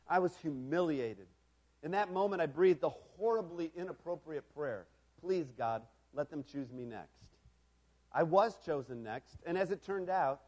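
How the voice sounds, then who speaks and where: A man preaching a sermon in a storytelling style, moving from quiet reflection to loud, emphatic calls. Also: fairly high pitch.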